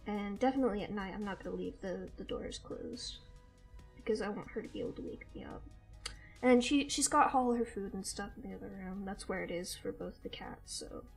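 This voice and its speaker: A woman's voice: mid-range voice, fairly quick, gravelly, soft background music. A woman hosting a casual art livestream, chatting along and firmly telling a kitten no. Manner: chatty, firmly scolding a kitten between remarks. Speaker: livestream host. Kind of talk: casual livestream chat while drawing.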